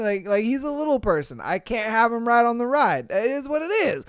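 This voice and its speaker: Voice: mid-range voice, very animated, fairly quick, clean tone, no room sound, studio quality. A podcast host reading listener stories aloud and reacting with slangy, swearing, laugh-filled commentary.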